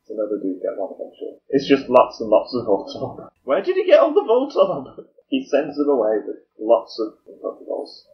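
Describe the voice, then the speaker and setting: Deadpan man on a dull lo-fi mic. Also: mid-range voice, moderate pace. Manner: dry, deadpan interjections. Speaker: podcast co-host. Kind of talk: casual episode recap chat. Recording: dull lo-fi sound.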